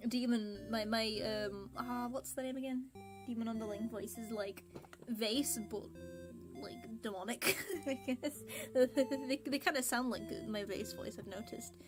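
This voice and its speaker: A giggly, excitable young woman streaming a game and reading its text aloud, with a voice growing tired. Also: on the high side. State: voice getting tired. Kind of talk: let's play commentary and reading game text. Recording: game music underneath.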